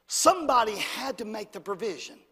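A man's voice: high-pitched, sing-song, a little fast, sharp tone, slightly rough. A man preaching a sermon in a church, calling on the congregation to say amen. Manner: call-and-response, demanding amens. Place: church sanctuary. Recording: long church reverb.

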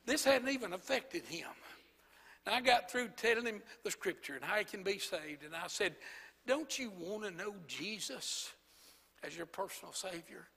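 Male pastor, high squeaky voice with a bright edge, preaching in a reverberant church hall. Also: animated, moderate pace, creaky, husky. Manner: swings from quiet storytelling to shouted preaching. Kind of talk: sermon. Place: church sanctuary.

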